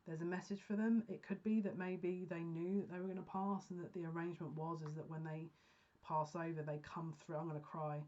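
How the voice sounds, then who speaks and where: Female psychic reader, heartfelt halting delivery, lowish voice, muffled lo-fi audio. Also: steady tone, dark tone. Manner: earnest, emotional, halting restarts. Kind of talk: pick-a-card reading monologue. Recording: dull lo-fi sound.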